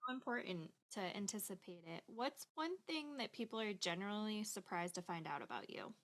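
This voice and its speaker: A woman's voice: mid-range voice, expressive, brisk. A woman podcast host asking brief questions of her guest. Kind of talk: interviewer questions.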